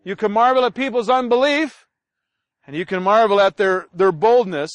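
A man delivers a sermon in an unusually high voice, telling stories and acting out both sides of family quarrels. The sound is close and completely dry, with no room around it. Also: normal speed, dry recording. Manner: animated storytelling, acts out family dialogue. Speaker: pastor.

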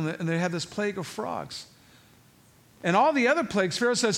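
A man preaching a sermon, animated, acting out quotes and asking the listeners rhetorical questions. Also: high-pitched, brisk. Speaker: pastor.

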